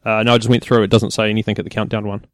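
A young man with a New Zealand accent, co-hosting a casual podcast and telling lively everyday stories. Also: lowish voice, rapid-fire, no room sound, studio quality. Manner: animated storyteller, acts out quoted people. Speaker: podcast co-host. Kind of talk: casual chat.

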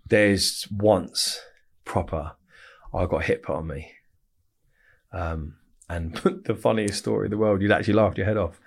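Essex guy, low husky voice, rattles off stories quickly, swears a lot. Brief: guest telling tales on a podcast. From England. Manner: fast, animated storytelling with heavy swearing. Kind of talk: storytelling interview.

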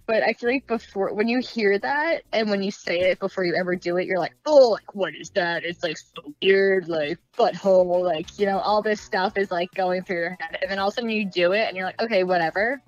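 A woman's voice: mid-range voice, fairly quick, few pauses, highs cut off. A woman talking openly in a casual podcast chat, laughing often and acting out little quoted asides. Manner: frank, giggly, lots of fillers and acted asides.

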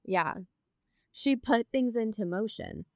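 A woman's voice: a little high, lively intonation, takes it slowly, no echo, dull audio. A woman co-hosting a casual book discussion podcast, talking through chapters thoughtfully and reading passages aloud. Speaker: podcast co-host.

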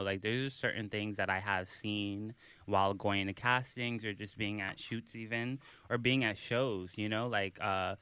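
Bright, clear-voiced young man telling a story. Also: fairly low pitch. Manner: animated storytelling, many fillers. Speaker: podcast host. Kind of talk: casual chat.

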